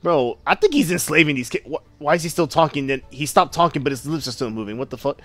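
A man's voice: a little high, animated, fast, faint music behind. A young man hosting game commentary, brash, profane and mocking as he plays. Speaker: gaming channel host.

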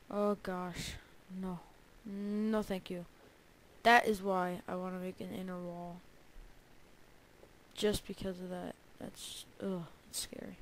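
A woman's voice: on the low side, a little hiss or hum, low-quality recording. A woman giving casual gameplay commentary, chatty and prone to bursts of panicked repeated cries. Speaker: let's play gamer.

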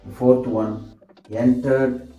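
Man, grammar teacher, slow and repetitive delivery, dark mellow voice, roomy echo. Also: medium pitch, flat delivery, distant mic, lo-fi sound. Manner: slow, repetitive, says sentences over and over; answers himself with "yes". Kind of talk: grammar lesson. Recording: echoey room, voice set off from the mic, faint music.

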